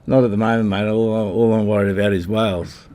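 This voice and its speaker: A man's voice: on the low side, little pitch movement, brisk, dark tone. A man in his sixties from Australia, a rugby head coach answering at a press conference in a blunt, combative way, calling people mate.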